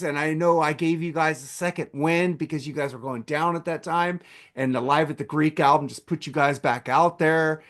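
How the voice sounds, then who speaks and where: A man hosting a podcast, telling a long story in a casual, animated way and swearing a lot. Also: a little high. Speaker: podcast host.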